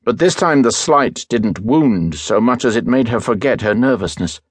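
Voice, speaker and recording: A man reading an audiobook as narrator, in a measured, even storytelling manner, close to a studio microphone. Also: medium pitch, husky, dry recording. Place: recording studio.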